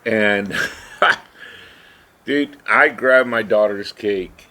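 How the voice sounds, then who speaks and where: A man's voice: on the low side, drawn-out words, pushed and bright. A middle-aged man co-hosting a podcast, telling a story in a casual rambling way, with many "right?" asides. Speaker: podcast co-host. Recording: faint background noise.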